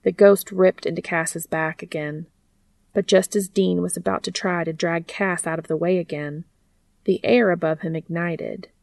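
Low, gravelly woman reading a story. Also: steady tone, moderate pace, darkish tone, no echo. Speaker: narrator. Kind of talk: reading fan fiction aloud.

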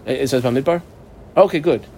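A man's voice: medium pitch, quick pace, darkish tone, a little hiss or hum. Man teaching a Talmud class. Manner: explains step by step, asking and answering his own questions; reads Aramaic text and translates phrase by phrase. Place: small study group.

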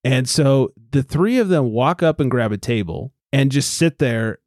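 An American man co-hosting a casual podcast, with a lively voice that rises and falls a lot. He swears freely and laughs often. The recording is dry and close. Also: mid-range voice, measured pace, no room sound. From United States. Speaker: podcast co-host. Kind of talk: casual chat.

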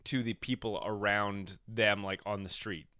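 A man's voice: lowish voice, flat delivery, a little slow, pushed and bright. A man co-hosting a podcast, jumping in eagerly to clarify and react in casual chat. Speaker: podcast co-host.

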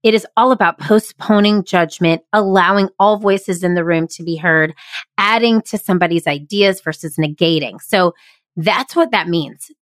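A woman's voice: lowish voice, moderate pace, no room sound. A woman hosting her own podcast, giving an upbeat, emphatic motivational talk into a microphone in a small closet. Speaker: podcast host and improv workshop leader. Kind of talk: solo podcast monologue. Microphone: studio podcast microphone.

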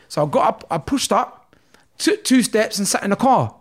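A man with a London accent, a guest telling a personal story with feeling, acting out the dialogue in a lively way. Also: on the high side, fast talker. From England. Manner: animated, acts out dialogue with rising voice.

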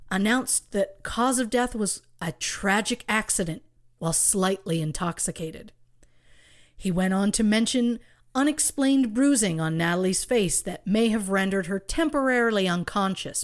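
A woman co-hosting a true crime podcast, telling the case with rhetorical questions and wry asides. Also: mid-range voice. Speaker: podcast co-host.

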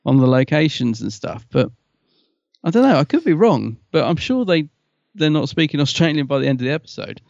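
A man co-hosting a podcast, chatting casually and excitedly and laughing often. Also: fairly high pitch, a little fast, gravelly, no room sound, lo-fi sound. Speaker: podcast co-host. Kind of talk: casual chat.

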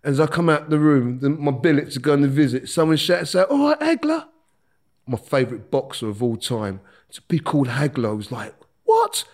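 A middle-aged man, telling stories as a podcast guest in a casual, animated way, acting out quotes and laughing as he talks. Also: mid-range voice, fairly quick. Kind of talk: casual storytelling.

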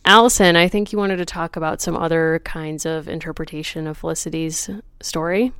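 Wry storytelling woman, smooth clear voice. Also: low voice, steady tone, fairly quick, fairly bright tone, dry recording. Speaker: podcast co-host. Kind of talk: casual chat and comic storytelling.

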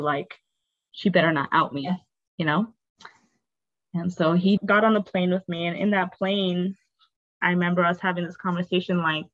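A young woman from Texas talks through her own story as a guest, pausing and restarting and acting out what others said to her. Her voice sits a little low. The recording is slightly dull and lo-fi. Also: a bit bright. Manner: candid, halting, acts out quoted dialogue, frequent "like". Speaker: interview guest. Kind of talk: personal storytelling in conversation.

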